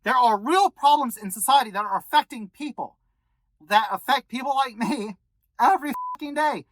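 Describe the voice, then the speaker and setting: A woman's voice: high-pitched, moderate pace, no room sound, poor audio. A woman vlogger delivering an angry, profane commentary rant to her viewers. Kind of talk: ranting commentary to camera.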